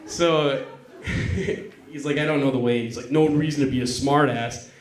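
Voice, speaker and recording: A man performing a stand-up comedy set on a club stage, cursing and acting out callers in quick voices. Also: mid-range voice, steady tone. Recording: echoey club with crowd. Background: audience laughing.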